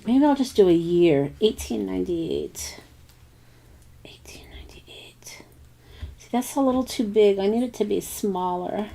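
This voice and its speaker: A woman's voice: mid-range voice, animated, normal speed, gravelly, warm tone. A woman hosting a crafting tutorial, thinking aloud in a casual, hesitant way with many ums and bits of self-talk. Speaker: craft channel host.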